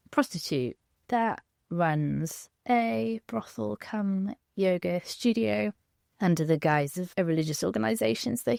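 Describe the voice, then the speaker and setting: Woman cohost chatting about books, gravelly voice, dry close sound. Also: medium pitch, no room sound. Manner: relaxed, conversational, uses fillers like "kind of". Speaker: podcast co-host. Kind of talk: casual book chat.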